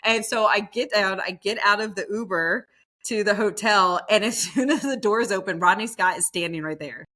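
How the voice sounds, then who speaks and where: A woman who is a barbecue pitmaster, telling stories in a casual, lively way in a podcast interview and acting out the voices of others. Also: medium pitch, moderate pace. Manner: lively storyteller, acts out quoted voices; casual, fillers like "like" and "you know".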